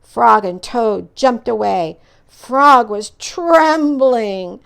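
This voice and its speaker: A woman reading a children's picture book aloud in an expressive, animated way. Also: on the high side, very slow, creaky, clean tone. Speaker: storyteller.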